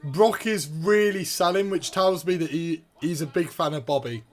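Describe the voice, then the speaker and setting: Excitable man reacting live. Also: fairly high pitch, moderate pace. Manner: excitable, bursts into shouts and laughs; repeats words and restarts in excitement. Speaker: video host reacting to a wrestling event.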